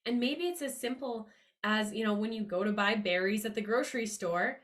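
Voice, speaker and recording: Upbeat, emphatic woman podcast host. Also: moderate pace. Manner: upbeat and emphatic, rising pitch on key words; earnest, confiding tone with listeners. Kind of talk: motivational money-mindset monologue.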